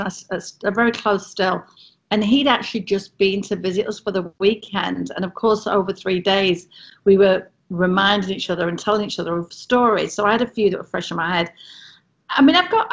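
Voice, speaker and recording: A woman's voice: medium pitch, vocal fry, highs cut off. Chatty English woman telling stories. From England. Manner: chatty, self-mocking, laughs often. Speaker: guest, former cruise ship entertainer. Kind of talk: casual storytelling on a video call.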